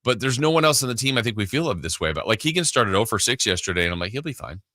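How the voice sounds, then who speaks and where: A man's voice: mid-range voice, expressive, rapid-fire, bright, forceful tone, no room sound. A man co-hosting sports radio talk, conversational, telling stories and acting out quotes into a studio mic. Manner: conversational, storytelling, acts out quotes.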